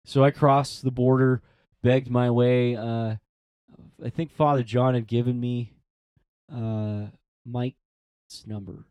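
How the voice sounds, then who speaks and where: A young man who is a priest tells a personal story in a casual interview, animatedly acting out the voices he quotes and using "like" as a frequent filler. His mid-range voice is clean and slow-paced, in a dry recording.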